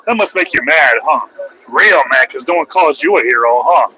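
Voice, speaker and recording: Trucker guy ranting on his stream, high lively voice, cussing and mocking. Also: a little fast, slight background noise, rough recording. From United States. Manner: loud, profane and mocking, swings into shouting. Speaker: truck driver and livestreamer. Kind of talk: livestream rant.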